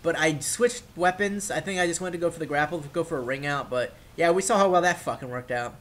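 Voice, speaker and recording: A man giving casual, rambling commentary over his own gameplay footage, drifting into excitable tangents and swearing freely. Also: fairly high pitch, fast.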